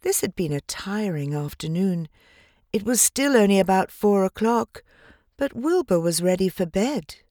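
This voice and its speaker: A woman narrating a children's storybook in a measured, gentle, expressive way. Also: medium pitch, no room sound, studio quality. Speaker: audiobook narrator.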